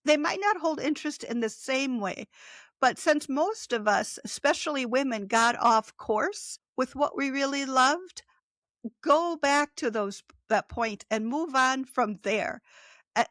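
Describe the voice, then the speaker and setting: A woman's voice: high-pitched, a bit bright, no echo. A middle-aged woman author in a casual interview, speaking reflectively and laughing often. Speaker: author and guest.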